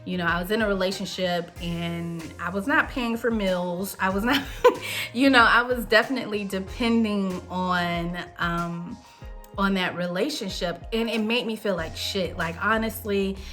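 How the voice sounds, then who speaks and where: A woman's voice: mid-range voice, unhurried, fairly bright tone, faint music behind. A woman in her thirties, host of a wine show, telling a personal story in a chatty, candid way. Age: 30s. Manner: chatty, candid, with frequent fillers.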